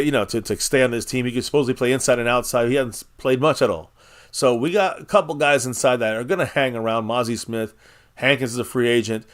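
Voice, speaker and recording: A man hosting a casual live-stream chat, rambling and blunt, swearing freely and reading viewers' comments aloud. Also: medium pitch.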